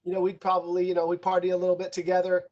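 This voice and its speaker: A high-pitched man, a singer, spins a relaxed story over a video call. He laughs often and keeps it easygoing. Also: rapid-fire, lo-fi sound. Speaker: singer, panel guest. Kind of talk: casual video-call chat.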